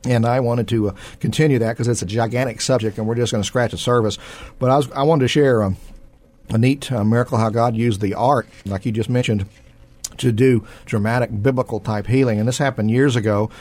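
Christian show regular, male, mid-pitched storyteller, rambles with fillers. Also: fairly even intonation, fairly quick, a little mellow. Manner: rambling storyteller with many fillers and throat clearing. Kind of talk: testimony in a Christian talk show.

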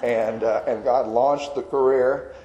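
A man's voice: mid-range voice, fairly even intonation, a little slow, dark tone, lo-fi sound, a little hiss or hum. Folksy man telling a faith story. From Texas. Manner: folksy storytelling with chuckles and restarts. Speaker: Christian artist giving testimony. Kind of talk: personal testimony.

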